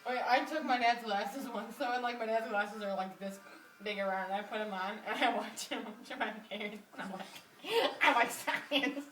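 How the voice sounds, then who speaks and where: A woman's voice: mid-range voice, fairly even intonation, a little fast, fairly bright tone. A young woman with hiccups chatting and giggling in a casual home video. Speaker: vlogger with hiccups. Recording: echoey room with music behind.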